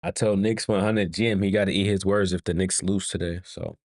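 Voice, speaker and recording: Excitable man calling a game live. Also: low-pitched, fairly quick, no room sound, studio quality. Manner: excitable, talks to the players and chat, laughs often. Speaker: fan watch-along host doing play-by-play. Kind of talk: casual live play-by-play commentary.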